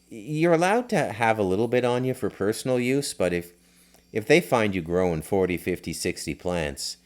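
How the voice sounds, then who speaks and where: A middle-aged man hosting a podcast, telling loose, rambling stories with lots of fillers and restarts. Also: sits low. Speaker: podcast host. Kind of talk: casual storytelling.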